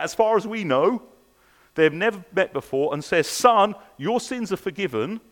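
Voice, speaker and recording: Earnest male preacher with a fairly high voice. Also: a bit bright. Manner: earnest, repeats rhetorical questions. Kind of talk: sermon. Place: church service. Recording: long reverb of a large hall.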